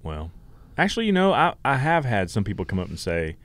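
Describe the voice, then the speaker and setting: A middle-aged man with a Southern US accent and a fairly low voice that still swings widely in pitch. He talks in a relaxed, deadpan way, casually chatting as a podcast co-host. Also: a little fast, dry recording. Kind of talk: casual chat.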